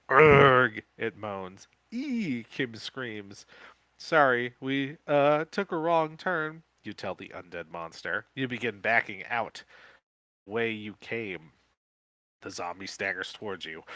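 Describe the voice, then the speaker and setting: A man co-hosting a podcast, reading a gamebook aloud live in a casual way, with quick joking asides. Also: on the low side, pushed and bright, no room sound.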